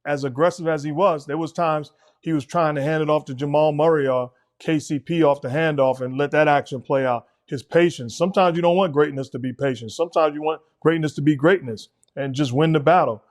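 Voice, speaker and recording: A middle-aged man calmly breaking down basketball plays as co-host of a sports talk show. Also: fairly high pitch. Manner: measured, coach-like breakdowns. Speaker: podcast co-host, basketball analyst.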